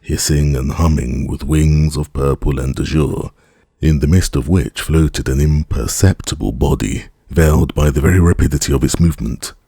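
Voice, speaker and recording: Very deep, gravelly male narrator. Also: moderate pace, dark tone, no room sound, clean studio sound. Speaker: audiobook narrator. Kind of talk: scripted audiobook narration.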